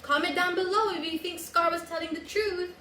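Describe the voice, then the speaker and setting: A woman with a Filipino accent, storytelling for children in an animated, sing-song way and coaxing them to join in. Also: very high voice, a little fast, echoey room, a little hiss or hum, rough recording. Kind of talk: live storytelling for kids.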